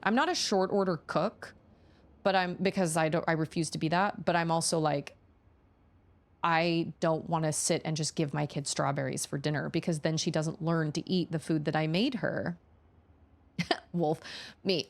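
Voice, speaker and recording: A woman streamer talking casually with her viewers in a low, gravelly voice. She tells stories in a chatty way and acts out the lines she quotes. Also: steady tone, normal speed. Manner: chatty storyteller acting out quotes.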